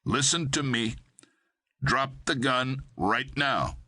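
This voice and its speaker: A man's voice: medium pitch, unhurried, sharp tone, no room sound, clean studio sound. A male narrator voicing a tough male state cop who gives clipped, precise orders. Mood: commanding.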